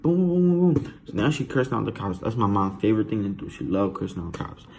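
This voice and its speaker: A man telling a childhood story in a casual, slangy, animated way. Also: fairly low pitch, quick pace, creaky.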